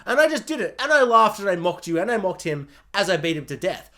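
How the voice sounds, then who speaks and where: A reviewer parodying a male villain's sarcastic, drawn-out apology. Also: mid-range voice, very animated, sharp tone. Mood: mock remorse. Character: remorseful male villain, mockingly whiny.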